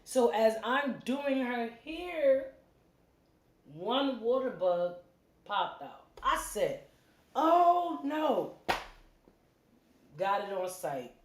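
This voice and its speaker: Woman livestream host, casual storytelling, acts out quotes, middle-aged, echoey room sound. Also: fairly high pitch. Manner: animated, acts out quotes, quick asides. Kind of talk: casual storytelling to a live chat. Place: her home. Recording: roomy echo.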